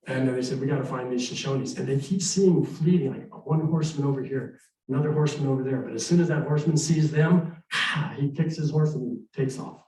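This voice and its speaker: Middle-aged man, storyteller, animated, conversational, distant mic, roomy hall. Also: on the high side, fairly quick. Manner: animated, conversational, acts out dialogue. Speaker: historical storyteller. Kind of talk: live storytelling presentation. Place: arts center hall.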